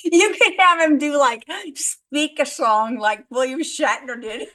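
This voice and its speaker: A woman's voice: high-pitched, lively intonation, unhurried, pushed and bright. Easygoing woman co-hosting a podcast. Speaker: podcast co-host. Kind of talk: casual chat.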